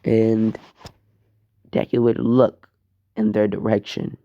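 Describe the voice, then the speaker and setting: A young man rambles through an improvised fan-fiction story, casual and profane. His voice sits lowish and has a gravelly edge. The sound is close and dry. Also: flat delivery, slow pace, dark tone, no room sound, muffled recording.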